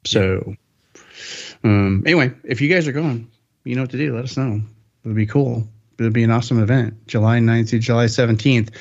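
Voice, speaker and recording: Upbeat rambling podcast host, slightly muffled. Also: male voice, medium pitch, moderate pace. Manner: rambling, upbeat, self-correcting. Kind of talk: casual podcast chat.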